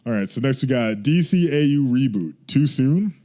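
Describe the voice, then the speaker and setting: A man co-hosting a casual comics podcast, reacting bluntly with quick remarks and groans. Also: medium pitch, animated, mellow. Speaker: podcast co-host. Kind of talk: casual chat.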